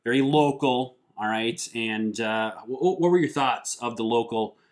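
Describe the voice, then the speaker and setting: A man's voice: medium pitch, unhurried. A young man from Minnesota, a musician, chatting casually and joking with a friend, laughing often. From Minnesota, USA. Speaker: guest, musician. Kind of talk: casual chat.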